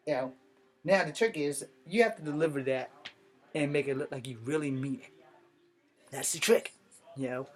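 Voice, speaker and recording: A man's voice: fairly high pitch, normal speed, pauses often. Blunt, swearing man ranting to camera. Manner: blunt, combative, heavy swearing. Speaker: vlogger. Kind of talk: profane ranting monologue.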